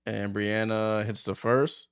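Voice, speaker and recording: A man hosting a watchalong, giving chatty, excitable play-by-play as he reacts aloud to the game. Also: on the low side, takes it slowly, clean tone. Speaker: watchalong host. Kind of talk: casual live play-by-play commentary.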